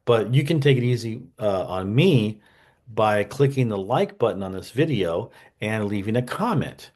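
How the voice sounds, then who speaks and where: A man with a fairly low voice hosts a history show in loose, unscripted talk. He rambles with plenty of fillers and tosses in wry jokes along the way. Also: animated, normal speed, a little mellow. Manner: rambling, conversational, many fillers and asides; wry joking asides. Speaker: history channel host.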